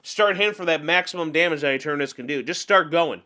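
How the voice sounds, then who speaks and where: A man giving casual gameplay commentary on a card game, chatty and openly venting his frustrations with animated outbursts. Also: on the high side, fast. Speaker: gaming channel host.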